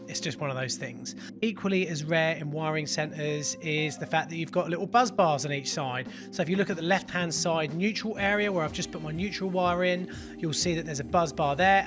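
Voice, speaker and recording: A man giving casual, chummy voice-over asides in a plumbing tutorial. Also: fairly high pitch. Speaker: plumber host. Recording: voice-over with loud music behind.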